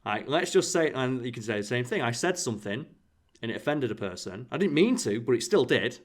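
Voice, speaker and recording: Male podcast host, middle pitch, talks through everyday examples in a casual chat. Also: sing-song, brisk. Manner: explains through everyday analogies, acting out quoted exchanges. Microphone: podcast microphone.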